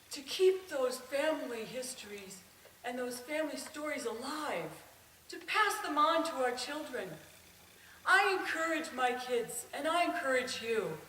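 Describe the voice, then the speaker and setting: Expressive woman giving a speech, far-off echo. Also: high-pitched, a little hiss or hum. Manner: expressive storytelling, swelling and dropping. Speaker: club speaker. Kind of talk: prepared speech. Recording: echoey room from far off.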